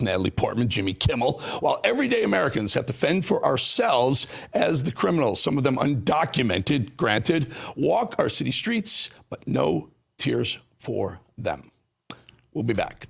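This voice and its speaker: A man's voice: medium pitch, very animated, normal speed, creaky, breathy edge. A man hosting a news talk show, delivering combative, sarcastic commentary on played clips.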